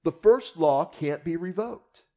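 Unhurried and warm, a male preacher with a somewhat high, mellow voice teaches from the Bible in a conversational, storytelling manner, often addressing his audience through rhetorical asides. The recording has a lo-fi sound.

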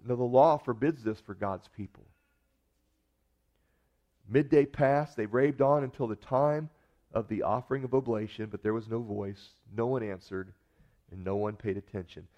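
A man's voice: mid-range voice, normal speed. Man preaching, dull lo-fi sound. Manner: conversational preaching with wry humor. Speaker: pastor. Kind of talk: sermon.

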